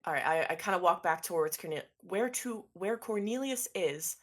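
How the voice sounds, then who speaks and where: A woman's voice: lowish voice, lively intonation, moderate pace, a bit bright. A woman player in a tabletop role-playing game, talking casually and impulsively with laughs.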